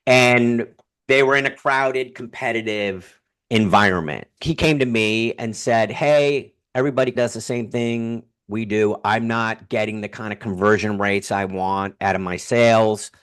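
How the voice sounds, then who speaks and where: A man who is a guest on a podcast, speaking as a humor consultant, telling stories in a sarcastic, animated way. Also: on the low side, measured pace, smooth. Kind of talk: casual podcast interview.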